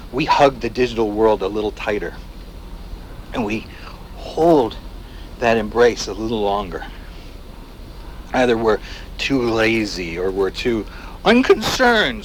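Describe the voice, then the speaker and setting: Game role: fiery, paranoid agitator; keen, bright tone, restless lively delivery. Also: male voice, medium pitch, slight background noise. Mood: brooding menace. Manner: impassioned rant, swinging from hushed menace to near-shouts. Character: paranoid, fiery male anti-surveillance agitator. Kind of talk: video game voice acting, radio-style monologue.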